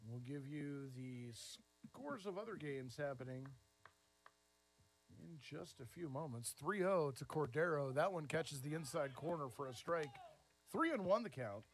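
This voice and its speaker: A middle-aged man doing baseball play-by-play commentary, easygoing and chatty between pitches, lifting into lively excited calls on big plays. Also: measured pace, a little hiss or hum. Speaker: play-by-play announcer.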